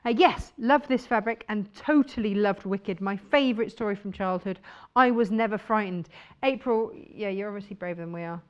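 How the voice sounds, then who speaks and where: A woman's voice: medium pitch, expressive, moderate pace, clear, resonant tone, highs cut off. A woman presenting fabrics on a shopping channel, chatty and enthusiastic. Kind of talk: chatty live sales presentation.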